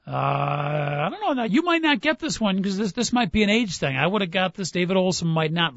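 Sitting high and sing-song, this gravelly, fairly bright male voice moves a little fast with hardly any pauses. He hosts a casual sports radio show, cheerfully quizzing his co-host on movie lines he reads aloud and laughing easily. It's a dull, dry studio recording with no echo.

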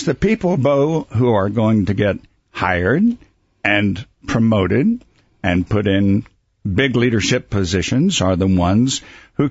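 A man, a communication coach, giving measured answers as a talk show guest. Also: fairly low pitch, darkish tone, husky, no room sound, lo-fi sound. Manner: measured, quotes sayings, chuckles. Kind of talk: radio interview guest.

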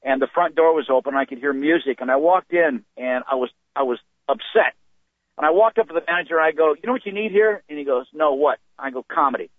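A man's voice: medium pitch, fast talker, no echo. A man in his fifties, a stand-up comedian, telling stories from his life in an interview and acting out the voices of people he quotes. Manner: animated storyteller, acts out quoted voices. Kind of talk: storytelling in an interview. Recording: phone-like dry sound.

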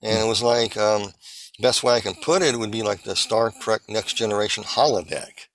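Earnest low-voiced man telling a vision. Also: a bit bright, low-quality recording. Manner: earnest, halting, many restarts. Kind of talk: recounting a vision, testimony.

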